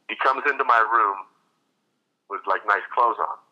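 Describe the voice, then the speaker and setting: A man's voice: fairly low pitch, moderate pace, lo-fi sound. A man, a retired hockey enforcer, telling profane stories as a podcast guest. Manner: profane, animated anecdotes with acted quotes. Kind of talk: casual storytelling interview.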